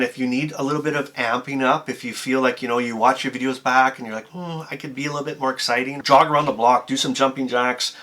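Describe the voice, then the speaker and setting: A man with a bright, forceful voice gives a to-camera tips video. He talks in an amped-up, emphatic way, with loose fillers and restarts like someone speaking off the cuff. His pitch sits in the middle range for a man. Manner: conversational, with filler words and restarts. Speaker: YouTuber and motivational speaker.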